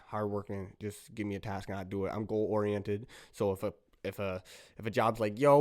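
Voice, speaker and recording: A young man hosting a casual solo podcast, rambling playfully in slangy talk that jumps now and then into loud bursts. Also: fairly low pitch, no echo, clean studio sound. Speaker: podcast host.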